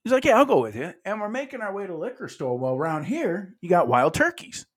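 A man's voice: high-pitched, fast talker, breathy edge. A man from the American Midwest, co-hosting a podcast, telling stories in a loose, profane way and acting out the quotes. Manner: animated storyteller, swears freely, acts out quotes. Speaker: podcast co-host. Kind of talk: casual storytelling chat.

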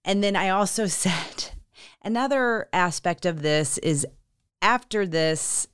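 A woman hosting a faith podcast, telling stories in a lively, animated way and acting out what others said. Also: on the low side, slow pace, clean tone, no room sound, studio quality. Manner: animated storyteller, acts out quoted voices. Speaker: podcast host. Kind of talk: casual conversation.

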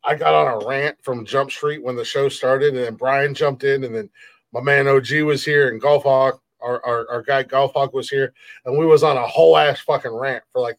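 A man's voice: medium pitch, steady tone, moderate pace, no echo. Man, podcast host, profane heated rant, repeats himself, dry close sound. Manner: heated, profane, repetitive, frustrated. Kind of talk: profane live-stream rant.

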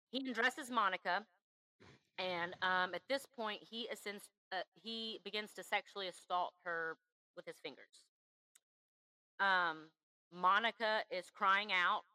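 A woman's voice: bright, forceful tone, dry recording, rough recording. A woman hosting a podcast, earnestly telling a true crime story and acting out the quotes. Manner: earnest, acts out quotes with shifts in pitch. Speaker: podcast host.

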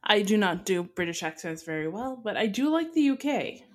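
A woman's voice: medium pitch, very animated, normal speed. Chatty woman podcast co-host. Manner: chatty, explains park tips with fillers. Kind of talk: casual chat.

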